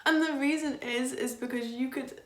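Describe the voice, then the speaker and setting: A woman's voice: high-pitched, steady tone, moderate pace, reverberant. A young woman in her twenties talking casually as a dance reaction vlogger, enthusiastic and rambling, laughing often.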